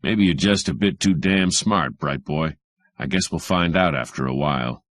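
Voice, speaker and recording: Male reader playing a hulking, bullying detective; gruff, slangy, low. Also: normal speed, a bit bright, no echo, studio quality. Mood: menacing.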